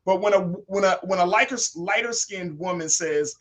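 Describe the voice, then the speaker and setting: A man hosting a casual news commentary show, animated and emphatic as he reads quotes aloud. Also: high-pitched, slow. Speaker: talk show host.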